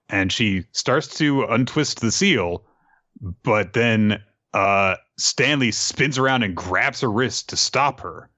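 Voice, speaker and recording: A man's voice: fairly low pitch, animated, takes it slowly, bright, forceful tone. A young man hosting a casual podcast, recapping a story loosely with swearing and fillers. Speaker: podcast host. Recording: slightly dull, dry sound.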